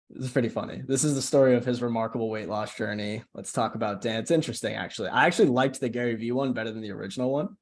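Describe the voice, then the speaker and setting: A man coaching a group over a video call, his voice sitting at an ordinary middle pitch. He keeps things loose and chatty, tossing in "right?" again and again and restarting half-finished phrases as he walks through his screen. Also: fast talker. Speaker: marketing coach. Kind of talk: casual screen-share tutorial.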